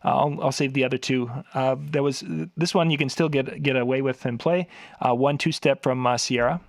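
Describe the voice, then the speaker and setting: A man's voice: medium pitch, fairly even intonation, moderate pace, no room sound. Hesitant male DJ co-host. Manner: hesitant, lots of filler words. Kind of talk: casual chat.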